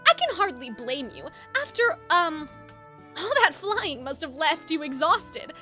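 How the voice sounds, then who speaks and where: Strict young male warden, formal and stern, bright clear tone, woman reader. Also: high voice, sing-song, unhurried, faint music behind, exaggerated voice.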